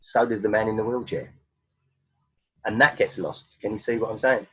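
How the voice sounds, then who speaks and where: Gravelly bloke, low voice, blunt comic stories, muffled lo-fi sound. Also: male voice, steady tone, normal speed, bright, forceful tone. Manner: blunt, rhetorical questions, swearing. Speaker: stand-up comedian. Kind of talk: storytelling in an interview. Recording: dull lo-fi recording.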